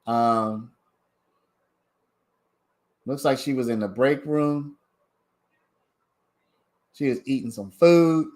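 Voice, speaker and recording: A man's voice: mid-range voice, extremely slow, pauses often, a little mellow. A man hosting a casual livestream, giving his commentary in a chatty way and talking straight to his viewers. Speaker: livestream host commenting on a trial.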